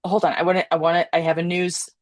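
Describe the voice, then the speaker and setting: A young woman chats on a podcast with a low, dry voice. She rambles through her stories and laughs easily. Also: little pitch movement, quick pace, no room sound. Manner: chatty, giggly, rambling storyteller. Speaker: podcast co-host. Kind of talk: casual chat.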